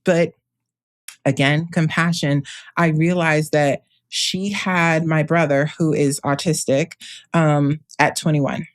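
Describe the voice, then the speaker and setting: A woman's voice: low-pitched, steady tone, takes it slowly, no room sound, studio quality. A woman in her thirties, an astrologer guest, talking candidly in casual conversation and laughing often between thoughts.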